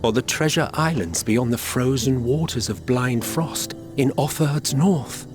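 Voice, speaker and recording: A man's voice: mid-range voice, measured pace, natural voice. An actor playing a haughty man in a game cutscene who quizzes a traveler about faraway lands, speaking in a grave, lofty and condescending way. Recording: game clip with loud music behind.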